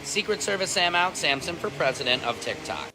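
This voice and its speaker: A showman-like man with a fairly high voice reels off a jokey street report just outside a courthouse. Traffic and street noise run loudly behind him. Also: expressive, a little fast. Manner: joking, showman-like, addresses "guys". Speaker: street reporter covering a trial. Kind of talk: hyped on-the-spot vlog report. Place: outdoors outside a court building.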